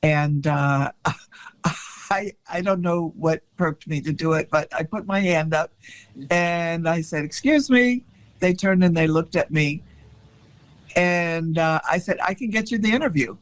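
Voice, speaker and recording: An older woman, a guest in an interview, telling stories in a lively way and acting out what people said. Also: sits low, a little slow. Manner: animated storyteller who acts out quoted dialogue. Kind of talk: storytelling in a conversational interview.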